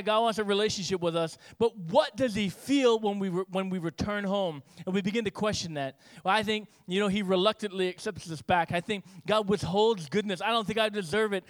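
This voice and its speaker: High-voiced pastor preaching animatedly. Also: male voice. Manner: animated storytelling with acted-out dialogue. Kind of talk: sermon.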